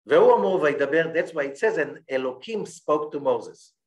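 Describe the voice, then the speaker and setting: A man giving a Torah class, his voice sitting a little high for a man. He reads Hebrew lines at speed, then slows down to explain them in plain English, with a frequent "okay?" to his listeners. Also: lively intonation. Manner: checks in with listeners by saying "okay?". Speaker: rabbi teaching Kabbalah.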